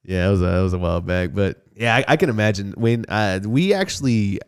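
A man's voice: on the low side, animated, fairly quick, smooth. Laid-back young man telling a story. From Houston, Texas. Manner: laid-back, swears a lot, acts out voices loudly when telling stories. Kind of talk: casual chat, storytelling.

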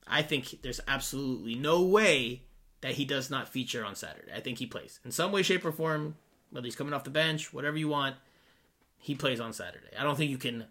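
A man co-hosting a sports podcast in casual chat, animated and sarcastic with sudden rises in his voice. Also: medium pitch. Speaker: podcast co-host.

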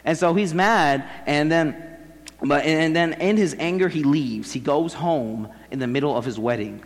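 A man's voice: a little high, normal speed. A young man giving a casual, slangy sermon and acting out the quoted voices as he retells a story. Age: young adult. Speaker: seminary student preaching. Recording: long hall reverb.

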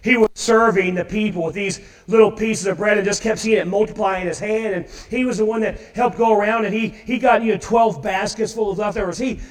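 A male pastor delivering a sermon with a fairly high voice, animated and storytelling, acting out the lines he quotes. He often repeats words as he finds his way. Recorded in an echoey church space. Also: a little fast, few pauses.

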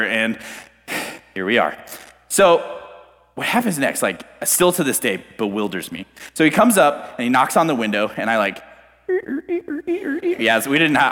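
Young male pastor, loose filler-heavy storyteller with a lively pitch, long hall reverb. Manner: animated, self-deprecating, filler-heavy storytelling. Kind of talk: storytelling sermon.

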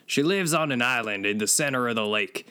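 A man's voice: mid-range voice, expressive, fairly quick, bright, forceful tone, clear, resonant tone. A man voicing a crude, cheerful male Sasquatch with a folksy twang in an improvised audio comedy. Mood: grumbling. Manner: folksy twang, colorful sayings.

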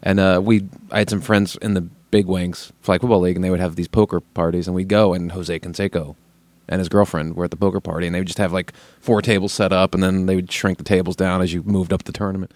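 A man on a casual podcast, chatting quickly and telling a story. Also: sits low, level tone, darkish tone, dry recording. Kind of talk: casual chat.

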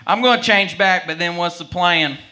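A man's voice: high-pitched, moderate pace, sharp tone. A man playing a vain masked cowboy hero. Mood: earnest. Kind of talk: comedy sketch acting.

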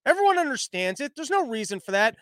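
Comedian host, male, high-pitched, crude rambling monologue, dry close sound. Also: sing-song, fast talker, a bit bright, no echo. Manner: rambling, crude, self-interrupting.

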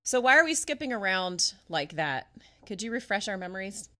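Lively woman pastor telling a funny story. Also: mid-range voice, moderate pace. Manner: animated, laughs often while telling stories. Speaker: pastor and podcast co-host. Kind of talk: casual storytelling chat.

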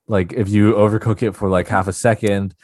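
Young man, very deep voice, casual podcast chat, earnest and chatty, dry close sound. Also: flat delivery, fairly quick, darkish tone, no echo. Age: young adult. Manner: earnest, chatty, lots of fillers. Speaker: podcast co-host.

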